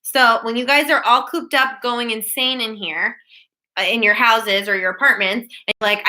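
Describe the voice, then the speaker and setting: A woman's voice: fairly high pitch, fairly quick, pushed and bright, low-quality recording. A woman teacher hosting a live online class Q&A, talking directly to her students by name.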